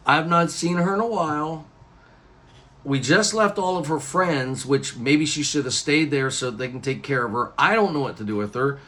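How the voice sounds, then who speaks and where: A man's voice: fairly high pitch, normal speed. A man telling a personal story to camera in a casual vlog, rambling with restarts and jumping into other people's lines. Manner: rambling, animated retelling with many restarts and acted quotes. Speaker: YouTuber.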